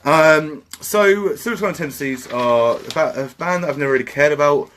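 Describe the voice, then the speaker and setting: A man's voice: a little high, moderate pace, a bit bright, slight background noise. A man, co-hosting a podcast in casual chat, sweary and sarcastic. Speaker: podcast co-host.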